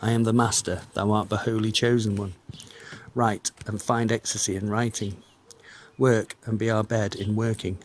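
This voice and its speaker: A man giving a measured, declamatory reading of an old religious text. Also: fairly low pitch, little pitch movement, slight background noise. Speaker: reader.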